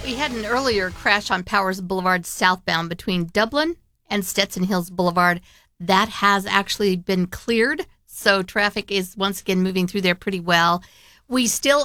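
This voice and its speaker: A woman giving a radio traffic report in a brisk, informative way. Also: mid-range voice, pushed and bright, dry recording.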